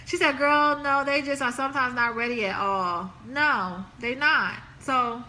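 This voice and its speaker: A woman's voice: a little high, a little slow, pushed and bright, a little hiss or hum. A woman hosting a live relationship stream, chatting casually and laughing as she reads viewer comments aloud.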